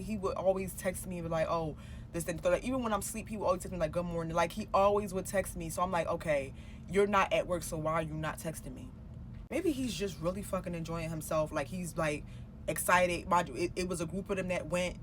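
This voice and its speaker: A woman's voice: fairly low pitch, quick pace, a little hiss or hum. A woman telling a personal story in a casual storytime vlog. She swears freely and acts out her own past dialogue as she goes. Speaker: storytime vlogger.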